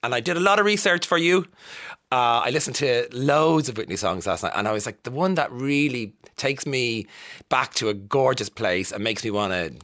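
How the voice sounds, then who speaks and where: A man's voice: medium pitch, expressive, moderate pace, fairly bright tone. An Irish man in his fifties hosting a casual radio show from a studio booth, reading listener texts with jokey, self-mocking asides. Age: 50s. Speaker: radio host.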